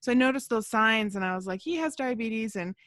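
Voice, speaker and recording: A woman's voice: a little high, animated, fairly quick, fairly bright tone, no echo. A young woman co-hosting a podcast, chatting casually over a video call, with many fillers and frequent laughs. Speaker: podcast co-host. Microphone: video call mic.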